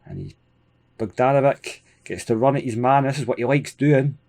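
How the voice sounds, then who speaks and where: A Scottish man hosting a gaming video, giving casual, excitable play-by-play with frequent chuckles. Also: medium pitch, moderate pace, gravelly. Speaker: gaming channel host. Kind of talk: casual let's-play commentary.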